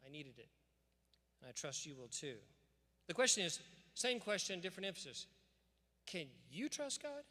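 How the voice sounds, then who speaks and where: A man's voice: a little high, big pitch swings, a little fast, pauses often, sharp tone. A man giving an earnest, emphatic commencement address with scripture readings, in a preacherly cadence. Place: large church sanctuary. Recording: long reverb of a big church hall.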